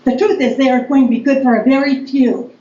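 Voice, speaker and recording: A woman giving a firm, deliberate public comment as a local business owner at a town board meeting. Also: high-pitched, steady tone, dark tone. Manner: firm, deliberate, reading aloud. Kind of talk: reading a prepared public comment. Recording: echoey meeting room, dull lo-fi audio, faint noise.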